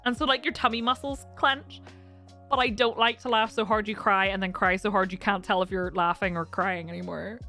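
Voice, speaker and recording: A woman's voice: medium pitch, fairly even intonation, fairly quick, pushed and bright, faint music behind. A woman streamer chatting casually with her audience, emotional and close to tears, laughing often as she reads chat aloud. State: teary, close to crying.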